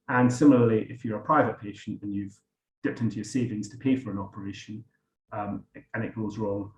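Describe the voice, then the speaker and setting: A man, a surgeon, giving a measured medical lecture at a conference, explaining points step by step with small restarts. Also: lowish voice, darkish tone. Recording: echoey room with faint hum.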